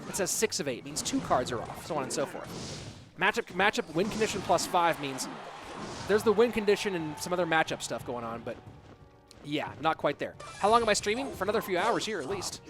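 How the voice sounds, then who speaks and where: A man's voice: sits high, big pitch swings, a little fast, over music. A man casting a competitive game on his live stream, chatty and jokey, answering his chat between plays. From United States. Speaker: esports caster and streamer.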